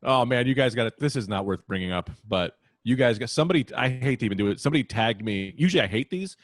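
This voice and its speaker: A man co-hosting a casual comedy podcast, telling jokey stories with quick asides. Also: medium pitch, expressive, dry recording, clean studio sound. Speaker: podcast co-host.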